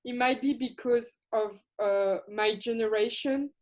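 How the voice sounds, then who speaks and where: Woman drummer guest, fairly high voice, thoughtful and hesitant. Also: a little slow, darkish tone. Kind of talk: casual interview chat.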